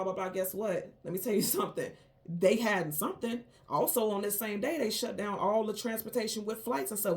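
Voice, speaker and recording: A woman hosting her own tarot channel, recounting a dream and airing suspicions in an animated, emphatic and indignant casual monologue. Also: medium pitch. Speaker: tarot reader, channel host.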